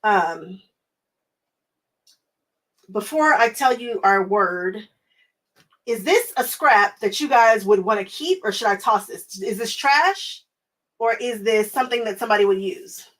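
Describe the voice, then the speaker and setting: Casting note: American woman, craft livestream host, chatty and easygoing, often laughing and pausing to think mid-sentence. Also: mid-range voice, expressive, a bit bright. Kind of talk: casual livestream chat with viewers.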